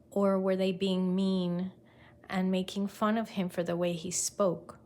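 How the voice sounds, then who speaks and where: A woman reading a picture book aloud to children in an expressive way, pausing to ask her listeners questions. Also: medium pitch. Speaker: storybook reader.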